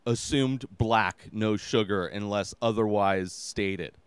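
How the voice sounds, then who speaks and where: A man's voice: lowish voice, takes it slowly, clear, resonant tone, no room sound. A man hosting his own podcast, giving a casual movie review in a rambling, exasperated way with lots of filler words. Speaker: podcast host.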